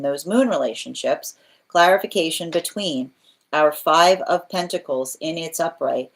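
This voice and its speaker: Low-pitched woman tarot reader thinking aloud, earnest and repetitive. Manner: earnest, repetitive, often asks "right?"; restarts phrases while thinking aloud. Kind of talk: live tarot reading.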